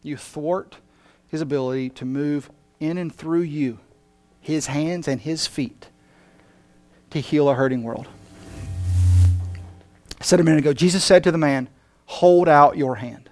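A male pastor preaching a passionate sermon, moving between emphatic lines and quiet ones. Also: on the high side, a little slow, long pauses, no room sound, soft background music.

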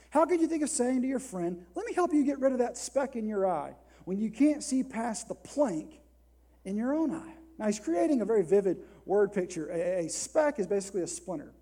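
A middle-aged man preaching a sermon, animated, acting out the voices he quotes. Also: very high-pitched. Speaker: pastor.

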